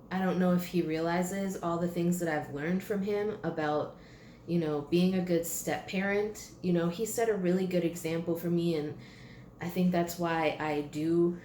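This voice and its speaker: A young woman talking to camera in a personal vlog, teary and halting, with many pauses and fillers. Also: fairly low pitch, darkish tone. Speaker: vlogger. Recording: echoey room, faint ambient noise.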